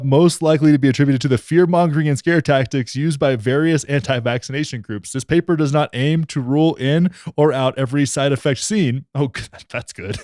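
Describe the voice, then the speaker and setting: A young man giving sarcastic vlog commentary, reading a text aloud with mock outrage and deadpan asides. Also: medium pitch, no room sound, studio quality. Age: young adult. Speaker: vlogger.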